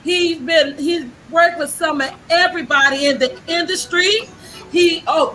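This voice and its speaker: A woman hosting a live stream show over a video call, effusive and excited as she welcomes each guest. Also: extremely high pitch, unhurried, a little hiss or hum, poor audio. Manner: excited, effusive, laughing and shouting greetings. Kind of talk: enthusiastic live stream introductions.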